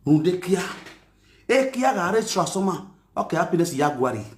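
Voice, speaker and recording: A Nigerian man with an Edo accent hosting an online talk show, ranting with insults, mocking chants and shouts. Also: high voice, big pitch swings, normal speed, roomy sound. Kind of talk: ranting commentary.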